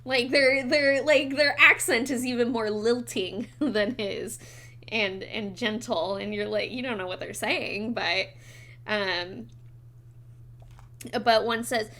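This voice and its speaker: Slow, meandering woman game master. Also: on the high side, fairly even intonation, a bit bright. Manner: meandering, many fillers and self-corrections, laughs often. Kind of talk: narrating a tabletop game.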